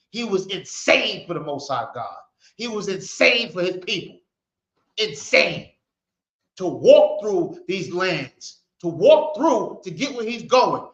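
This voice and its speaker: A man's voice: sits high, sing-song, unhurried, a bit bright. A man teaching scripture, preaching with fiery, repetitive rhetorical questions, outdoors on a street corner. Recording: echoey, dull sound.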